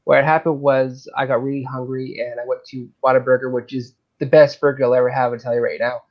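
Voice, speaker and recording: A man's voice: mid-range voice, flat delivery, quick pace. Lo-fi Canadian guy telling stories. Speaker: panelist. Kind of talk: casual storytelling.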